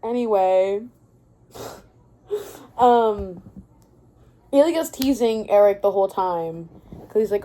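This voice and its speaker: A young woman ranting casually about a book she loves, excitable and rambling, often stopping mid-thought to correct herself. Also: mid-range voice, slow pace, long pauses. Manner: rambling and excitable, often losing her thread. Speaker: book vlogger.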